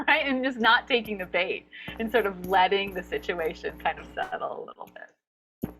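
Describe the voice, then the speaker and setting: A woman being interviewed as a guest coach for actors, talking in an animated, expressive way and acting out her inner voices. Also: mid-range voice, fairly quick, faint music behind, low-quality recording. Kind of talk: summit interview conversation.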